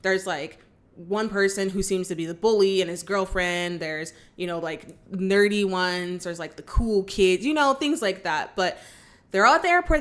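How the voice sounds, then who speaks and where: A woman chatting through a movie recap in a loose, conversational way, dropping plenty of fillers as she goes. She turns indignant and scolding when a character misbehaves. Her pitch sits in an ordinary middle range. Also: a bit bright. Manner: chatty, lots of fillers like "like" and "you know". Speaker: movie reaction vlogger.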